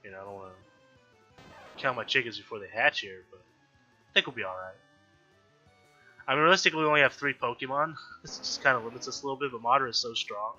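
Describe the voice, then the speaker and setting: A man's voice: medium pitch, quick pace, pauses often, bright, forceful tone. A man with a nasal voice from allergies, chatting casually as he plays a video game and thinks aloud. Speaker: gaming YouTuber. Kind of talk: casual let's-play commentary. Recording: dull lo-fi audio with faint game music. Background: faint game music.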